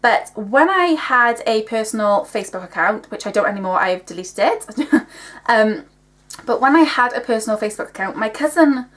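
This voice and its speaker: A young woman with a Welsh accent talks casually into the camera, rambling a little and scattering "like" through her sentences. Her pitch sits in the middle of the usual range for a woman. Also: fairly bright tone. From Wales. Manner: chatty, rambling, heavy use of "like", laughs often. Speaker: vlogger. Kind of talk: casual chat.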